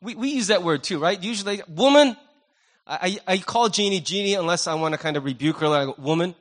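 A man's voice: high voice, fast talker, a bit bright. A middle-aged man preaching a sermon as pastor, conversational and self-deprecating, with asides of humor.

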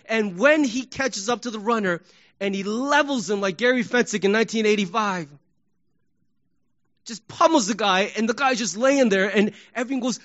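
A man preaching a sermon, animated, acting out crowd shouts and sports examples. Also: extremely high pitch, a little fast, highs cut off. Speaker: pastor.

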